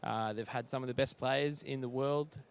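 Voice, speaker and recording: A man's voice: medium pitch, fairly even intonation, moderate pace, creaky, clean tone. Easygoing male esports analyst. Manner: easygoing, confident, conversational. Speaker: esports co-commentator. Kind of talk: casual analysis commentary.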